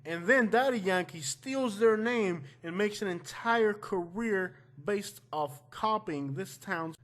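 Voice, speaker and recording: A man from Florida hosting a casual vlog, talking loosely and breaking into loud joking outbursts at home. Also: high-pitched, takes it slowly. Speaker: vlog host. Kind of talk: casual chat. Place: at home with his wife.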